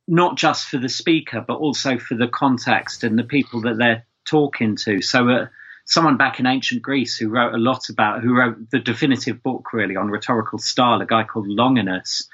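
A man's voice: medium pitch, fairly bright tone, breathy edge, lo-fi sound. A man with a London accent, talking chattily as a guest on a podcast, with lots of fillers and restarts. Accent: London English. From England, London. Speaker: guest, speech expert. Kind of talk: casual podcast conversation.

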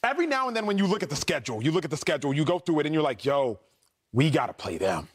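Man hosting a sports show, emphatic and energetic, voice a little higher than usual. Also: very fast. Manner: energetic, emphatic, steers the talk. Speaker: sports talk show host.

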